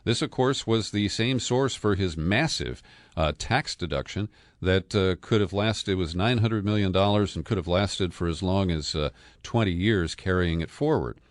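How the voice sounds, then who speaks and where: Low-voiced sardonic male podcast host. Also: normal speed, no echo, studio quality. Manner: sardonic, conversational, with frequent fillers and chuckles. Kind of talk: political news commentary.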